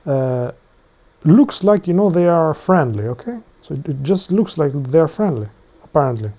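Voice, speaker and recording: A man hosting a live stream and commenting on a video, halting with many fillers and restarts, mocking the people in it. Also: fairly high pitch, lively intonation, dark tone. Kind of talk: casual commentary.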